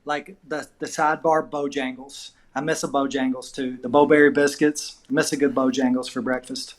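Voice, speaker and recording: A man's voice: mid-range voice, little pitch movement, normal speed. A man with a Georgia Southern accent, a wrestling coach chatting casually on a podcast and telling easygoing stories with frequent chuckles. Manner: easygoing storyteller, chuckling often.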